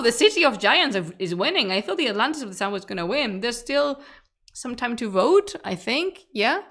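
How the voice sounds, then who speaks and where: A woman's voice: on the high side, sing-song, normal speed, a bit bright. Chatty woman streamer. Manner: chatty and laughing, with frequent restarts and fillers. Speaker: streamer, history channel host. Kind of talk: casual live-stream chat to viewers.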